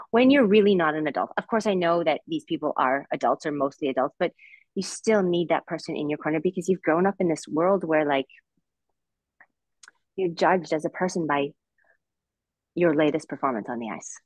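A woman's voice: low-pitched, fairly quick, dry recording, low-quality recording. Reflective woman, dry close sound. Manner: reflective, many restarts and fillers. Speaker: guest, former figure skater. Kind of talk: podcast discussion.

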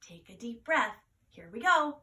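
Woman children's teacher, high lively voice, slow and coaxing, echoey home room heard from a distance. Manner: gentle, playful, slow and encouraging. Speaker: children's yoga and music teacher. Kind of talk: kids' mindfulness lesson with singing. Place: at home, roomy indoor space.

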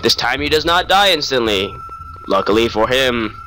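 A man's voice: medium pitch, animated, normal speed, over music. A young man giving sarcastic let's play commentary on a horror game. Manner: wry, sarcastic narration of the action. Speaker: gamer playing a horror game.

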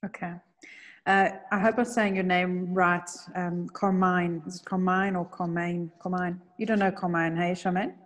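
A woman's voice: fairly low pitch, fairly even intonation, normal speed. Woman, webinar co-host, friendly moderator, video call audio. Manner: friendly, reads out questions. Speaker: therapist co-hosting a webinar.

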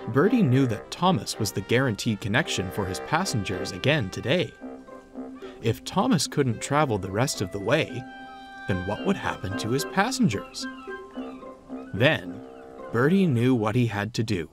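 A man narrating a children's story in an expressive storytelling manner. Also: fairly low pitch, a little slow, soft background music.

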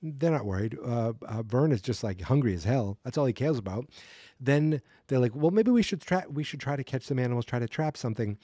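A man's voice: mid-range voice, a little fast, mellow, no echo, clean studio sound. A man hosting a podcast, recapping a cartoon episode alone in a rambling, casual way with wry asides and frequent self-corrections. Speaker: podcast host.

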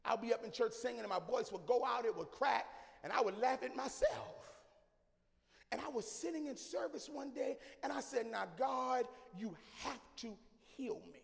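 A man preaching a sermon, moving between shouted sing-song delivery and quieter storytelling. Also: very high voice, moderate pace, creaky. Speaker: church elder preaching. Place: church sanctuary. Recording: live church sound with long reverb and faint music.

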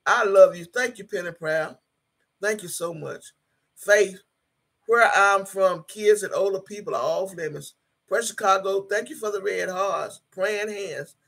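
Woman on a livestream reading chat comments out loud, gravelly husky voice, blunt and swears a lot, then prays. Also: mid-range voice, unhurried. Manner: blunt and emphatic, swears freely, switches into prayer. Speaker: YouTube live streamer.

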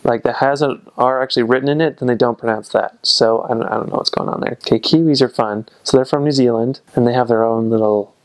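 A man's voice: medium pitch, steady tone, fast talker, hardly any pauses. An American man talking casually in a vlog, rambling with lots of "like" and "I don't know". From United States. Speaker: vlogger.

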